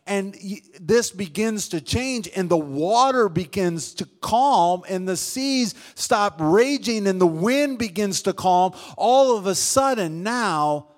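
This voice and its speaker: A male pastor with a notably high voice delivers a sermon. He shifts between forceful emphasis and quiet, drawn-out lines, and calls on his listeners to respond. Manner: dynamic preaching, swings from loud to hushed, calls on congregation.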